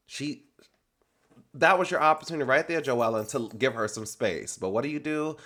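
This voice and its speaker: Sassy, animated man recapping reality TV. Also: mid-range voice, normal speed. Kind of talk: casual reality TV recap commentary.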